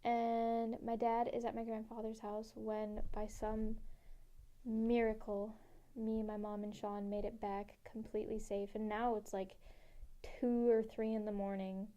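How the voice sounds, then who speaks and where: A woman's voice: fairly high pitch, little pitch movement, a little slow, mellow, muffled recording. A young woman telling a personal story in a casual, rambling way, full of fillers and freely swearing. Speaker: interviewee.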